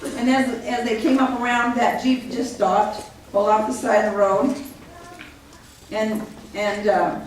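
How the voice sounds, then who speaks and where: A woman speaks to a live audience, telling her own story with earnest energy and slipping into the voices of the people she quotes. Her voice sits a touch high. She is picked up from a distance in a large, echoing hall with a faint hiss underneath. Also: measured pace. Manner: earnest, animated storytelling that acts out others' words. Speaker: speaker at a public gathering. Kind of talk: personal account told to a live audience.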